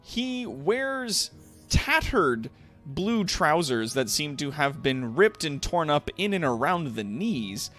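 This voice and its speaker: A man narrating a tabletop game as game master, relaxed, with frequent fillers. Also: a little high, slow pace, soft background music.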